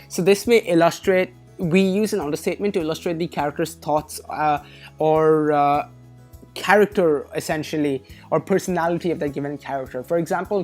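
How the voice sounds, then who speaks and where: This is a woman with a low, deep speaking voice who walks through reading test material as a tutor. She explains step by step and corrects her own slips with a wry aside. Soft music sits faintly behind her. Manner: methodical, self-correcting, lightly wry. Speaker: SAT tutor. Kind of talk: explanatory lesson.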